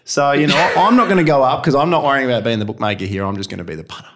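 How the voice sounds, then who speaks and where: A man's voice: medium pitch, very fast, background noise. A man with an Australian accent, co-hosting a horse racing podcast in casual, rambling banter with easy laughs. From Western Australia. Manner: chatty, laughs easily, rambling asides. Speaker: racing tipster, co-host.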